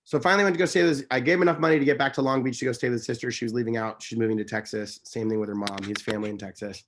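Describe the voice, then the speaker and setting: A man's voice: mid-range voice, fairly even intonation, rapid-fire. A man speaking as an interview guest, telling stories in an earnest, passionate, emphatic way that rambles and corrects itself. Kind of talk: casual conversational storytelling.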